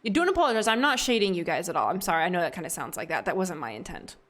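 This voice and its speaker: A woman's voice: fairly low pitch, big pitch swings, very fast, fairly bright tone. A woman from the Southern United States with a Southern American accent, chatting casually and rambling while she streams a game. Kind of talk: casual live-stream chat.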